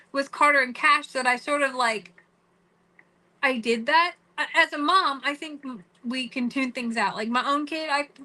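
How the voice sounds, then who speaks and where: A middle-aged woman vlogging in a casual, rambling way. Her voice sits high and sounds bright and clear, and she keeps stopping to restart a thought or quote what someone said. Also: low-quality recording. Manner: chatty, many "like"s and restarts, quotes others. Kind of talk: casual storytelling to camera.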